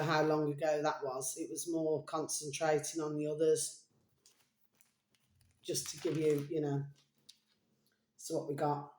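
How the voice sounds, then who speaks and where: A deep, darkish female voice rings with reverb. This vlog host rambles affectionately from one topic to the next, calls her viewers "babies," and slips into humming and singing snatches.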